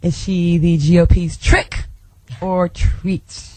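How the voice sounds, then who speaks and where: A woman's voice: on the low side, level tone, slow, dark tone, no room sound. A woman hosting a radio talk show in a joking, casual manner, laughing often.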